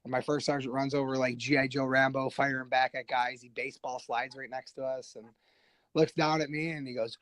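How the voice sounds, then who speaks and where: A man guest on a podcast telling a war story casually, animated and profane, acting out what others said. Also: mid-range voice, a little fast, no room sound, poor audio. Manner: animated, profane, acts out quoted voices.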